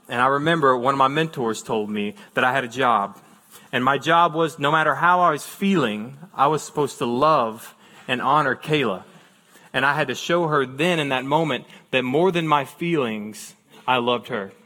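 A man's voice: medium pitch, sharp tone. A young man preaching a sermon, opening with a humorous personal story in a conversational, self-deprecating way before reading scripture. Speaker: pastor.

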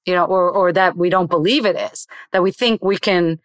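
A woman meditation teacher with a fairly low voice explains meditation in an interview, then slowly guides a breathing exercise in a soothing voice. The recording has no room sound.

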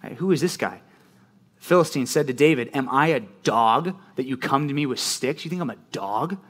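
A man preaching a sermon as pastor, animated and conversational, often checking in with "right?". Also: mid-range voice, brisk.

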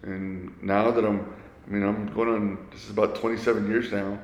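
A man in his forties telling his own story in a conversation, earnest and halting, often restarting his sentences. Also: fairly low pitch, little pitch movement, a little hiss or hum. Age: 40s. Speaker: guest. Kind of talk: candid personal storytelling in conversation. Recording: echoey, reverberant room.

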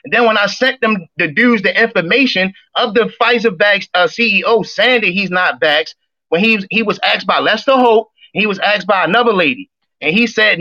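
A man on a live talk room line who argues hard and rambles in slang. His voice is high and bright. It comes over a dull, lo-fi connection. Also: normal speed. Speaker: caller. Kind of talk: heated casual argument.

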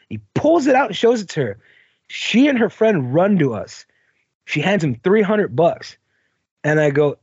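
A man's voice: sits high, very animated, normal speed, a little mellow, breathy edge, no room sound, muffled recording. A man co-hosting a podcast, casually telling a long story, rambling, swearing and laughing along. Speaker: podcast co-host.

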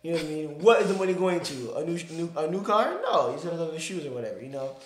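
A man's voice: on the high side, rapid-fire, reverberant. A man hosting a podcast, telling a rambling story in casual slang-heavy chat. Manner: animated, rambling, peppered with slang like "bro". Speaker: podcast host.

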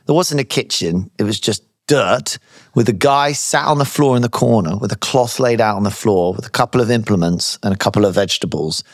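A British man hosting a podcast, chatting casually and telling lively, profane anecdotes. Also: lowish voice, a little fast, no room sound, clean studio sound. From Britain. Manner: storytelling, profane, animated anecdotes. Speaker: podcast host. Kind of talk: casual interview chat.

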